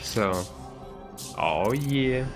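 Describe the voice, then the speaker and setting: A man's voice: mid-range voice, animated, drawn-out words. A man streams a game and chats loosely and playfully, often tagging his lines with "eh?". His voice sits in the middle range. Game music runs underneath. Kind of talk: casual live-stream commentary.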